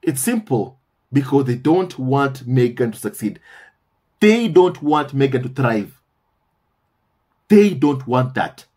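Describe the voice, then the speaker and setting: A man's voice: a little high, husky. A man hosting a commentary channel, talking in a casual monologue, emphatic and repeating phrases for stress, often calling his viewers "my family".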